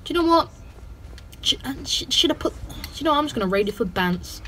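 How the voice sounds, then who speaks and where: A playful woman chatting through a game session, her higher-pitched voice bouncing from sing-song silliness to quick asides. She keeps the tone casual and jokey. Her swearing is swapped out for a steady stream of "bloody". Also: slight background noise. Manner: playful, goofy, sing-song bits and silly sound effects; self-censors swearing, says "bloody" a lot. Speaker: gaming channel host. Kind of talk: casual gameplay commentary.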